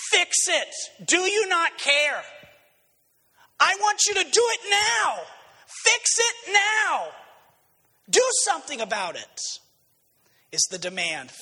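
A man preaching a sermon, dramatic and storytelling, dropping low and then rising to shouts. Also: big-room sound. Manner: dramatic, swings between quiet and shouted quotes. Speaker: pastor.

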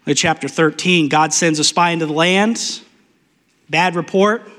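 High-voiced male preacher in an echoing hall. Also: measured pace. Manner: conversational, playfully emphatic, trails off into soft repetitions. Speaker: pastor. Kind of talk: sermon with Bible reading.

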